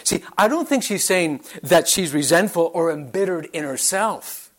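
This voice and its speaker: Earnest male preacher, slightly high voice. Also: lively intonation. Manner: earnest, measured, rhetorical questions. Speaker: pastor. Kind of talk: sermon.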